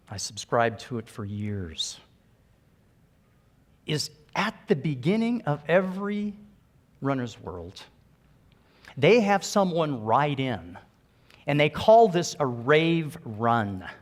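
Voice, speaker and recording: Conference keynote: middle-aged man, earnest and emphatic, slightly high voice. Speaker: conference speaker. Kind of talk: keynote talk to a live audience.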